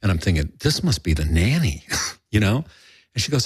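A man's voice: sits low, big pitch swings, a little fast, breathy edge, no room sound, studio quality. An older man telling a rambling, profane story in a candid interview, acting out quoted voices. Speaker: guest.

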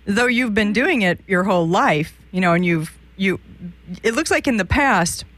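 A woman's voice: mid-range voice, expressive, normal speed, fairly bright tone, dry recording. A woman hosting a live call-in radio show, giving psychic readings in a chatty, meandering way with many restarts.

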